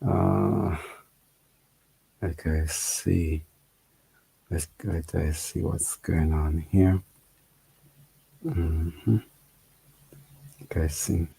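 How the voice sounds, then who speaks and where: Jamaican guy on a livestream, deep gravelly voice, dark and husky, dry sound. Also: steady tone, very slow, long pauses. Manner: laughing, chatty, repeats himself. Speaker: livestream host. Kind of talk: casual livestream chat reading comments.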